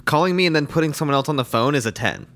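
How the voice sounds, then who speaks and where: A man's voice: fairly high pitch, animated, rapid-fire, fairly bright tone. A young man co-hosting a casual podcast chat, rambling with lots of fillers and restarts. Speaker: podcast co-host.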